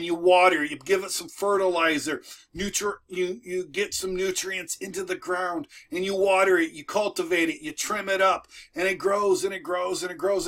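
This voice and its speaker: Bright, high-voiced man giving a pep talk. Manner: repetitive, folksy, restarts often. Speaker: moving business coach and video host. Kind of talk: casual motivational talk to camera. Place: at home with dogs nearby.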